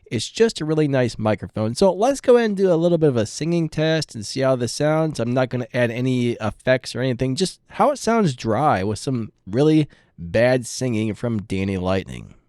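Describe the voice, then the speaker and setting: A man's voice: mid-range voice, big pitch swings, moderate pace, a little mellow, no room sound. A man casually reviewing microphones in a plain-spoken, self-deprecating way, talking close into studio mics.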